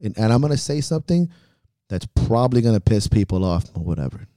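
Podcast co-host, male, profane and blunt, warm low-key tone. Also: sing-song, fast, dry recording. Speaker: podcast co-host, meet promoter. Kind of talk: casual chat.

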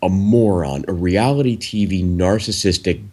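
A man with a very deep, husky voice talks politics in a loose, blunt way. He swears freely and drives his points home with heavy emphasis. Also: moderate pace, mellow. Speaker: co-host. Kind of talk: casual political chat.

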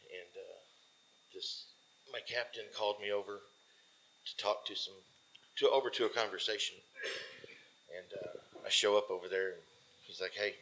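A man in his forties with a somewhat low voice tells a story from his military days in a loose, conversational way. He leans on fillers and restarts, and his sentences often trail off softly. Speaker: military veteran guest. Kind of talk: casual storytelling.

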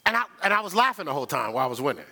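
Older male pastor, fairly high voice, animated story-driven sermon, speaks straight to the pews. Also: rapid-fire. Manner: animated storytelling, sound effects and laughter; conversational, addresses the congregation directly.

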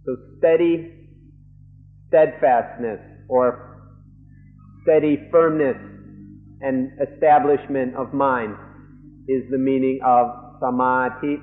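A male monk interprets a dharma lecture live, speaking very slowly with a middling pitch and fairly even intonation. Soft music plays in the background of the narrow, muffled archival tape. His delivery is measured and halting, with frequent pauses and restarts.

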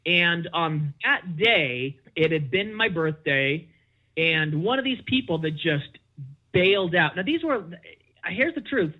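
Speaking slowly through narrow, tinny audio, a middle-aged podcast guest shares a candid personal story. He is animated, acting out the back-and-forth of quoted conversations with big jumps in pitch.

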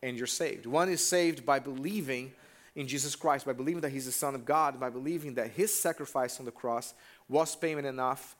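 Speaking briskly in a medium-pitched voice, this man gives a relaxed, direct sermon as a church pastor. He keeps putting questions to the congregation as he talks.

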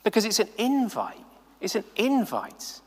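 A man preaching a sermon to the camera in a chatty, animated way, full of casual asides. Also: high voice, measured pace, slightly rough, big-room sound. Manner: animated, conversational, many "like"s. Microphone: camera mic.

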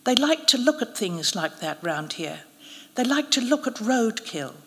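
A woman's voice: fairly high pitch, big pitch swings, measured pace, a bit bright, full character voice. A woman voicing the cutting, dry lines of a scornful young woman in a story read at a live event. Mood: dry, guarded. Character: scornful young woman hitchhiker, cold and merciless. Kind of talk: literary reading. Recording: long reverb of a live event hall.

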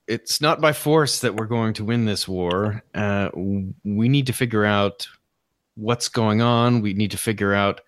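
A man's voice: lowish voice, slow. A man playing a tabletop game, talking in a hesitant, stammering way. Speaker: player.

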